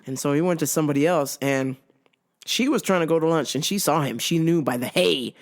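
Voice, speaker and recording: A woman's voice: sits low, brisk. A woman podcast host telling a comedic story in a casual, cursing, laugh-filled way. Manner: animated, swears freely, laughs often.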